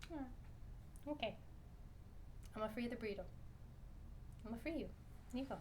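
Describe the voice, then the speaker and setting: A woman's voice: fairly high pitch, expressive, normal speed, a little mellow, slight background noise. A woman streaming a game from home, chatting playfully, laughing often and cooing at her cat. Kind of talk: casual livestream gameplay chat.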